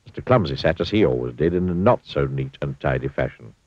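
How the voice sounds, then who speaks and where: A man reading a children's storybook aloud in a playful, expressive way. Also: a bass voice, fairly quick, slightly rough, dry recording. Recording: dull lo-fi dry recording.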